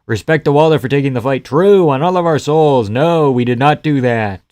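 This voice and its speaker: A man hosting a live stream from his home setup, chatting casually with viewers and reading their comments aloud. He jokes around and swears freely. His mid-pitched voice is smooth and resonant, recorded dry and close. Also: moderate pace, darkish tone, no room sound.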